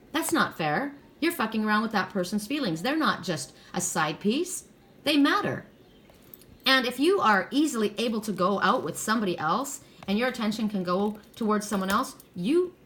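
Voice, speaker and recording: A woman's voice: mid-range voice, fairly bright tone. A middle-aged woman talks through a tarot card reading in a loose, casual way. She is blunt and emphatic and swears freely.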